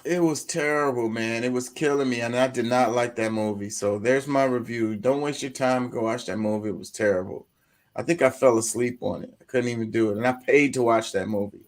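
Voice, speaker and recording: A man's voice: medium pitch, brisk. A man co-hosting a casual podcast, rambling and repeating himself as he hunts for words. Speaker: podcast co-host. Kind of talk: casual chat.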